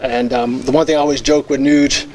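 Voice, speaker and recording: In a mid-range, slightly mellow voice, a middle-aged former teacher and football coach gives his hall of fame acceptance speech. The delivery is flat and brisk, yet earnest, as he reminisces with many fillers.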